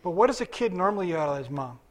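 High-voiced man preaching to a congregation. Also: sing-song, fast. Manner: conversational preaching, quizzing the congregation. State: recovering from illness. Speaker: pastor. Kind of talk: sermon.

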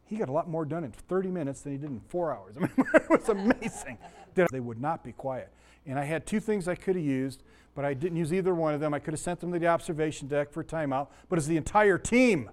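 A man's voice: fairly high pitch, expressive, fast talker. A middle-aged man teaching a Bible lesson in a conversational way, full of stories and asides, his voice a little sore. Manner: conversational, digressive, with anecdotes. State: slightly sore voice.

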